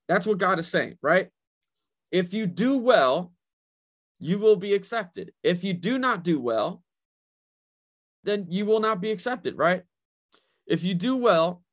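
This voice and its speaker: A man's voice: high voice, fairly bright tone. A male pastor preaching a sermon, often repeating phrases and checking in with "right?", and voicing God in casual everyday words.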